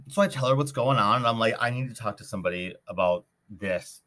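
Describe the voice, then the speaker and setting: A young man from Minnesota, a podcast host, telling a story in a rambling, animated way with many fillers. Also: fairly low pitch, fast talker, hardly any pauses. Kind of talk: casual storytelling.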